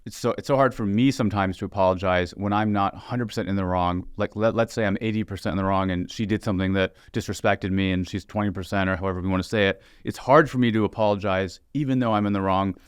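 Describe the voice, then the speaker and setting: A man's voice: lowish voice, steady tone, fast, few pauses, clear, resonant tone, no echo, clean studio sound. A young man hosting a casual conversation, reflective and candid about his own marriage. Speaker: podcast host.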